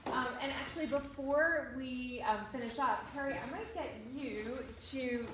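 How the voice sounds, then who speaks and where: A woman's voice: high voice, unhurried. A woman hosting a public talk, thanking the speaker and announcing a door prize. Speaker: event host. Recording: echoey room, distant mic, noisy.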